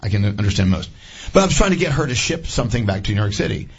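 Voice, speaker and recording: A man hosting a radio show, telling animated stories and laughing as he goes. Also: on the low side, racing, husky, muffled recording. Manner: animated storyteller, laughs through anecdotes. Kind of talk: casual radio chat.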